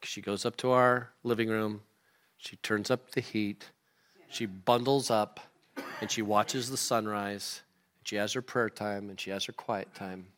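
A man preaching a sermon to his congregation in a lively, animated way, acting out the people in the scripture. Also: on the low side, a little slow. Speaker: pastor. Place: church sanctuary.

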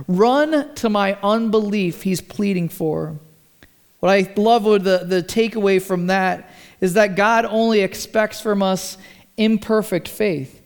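A male pastor preaching a sermon in a conversational, animated way, briefly acting out the voices he quotes. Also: high voice, unhurried, smooth.

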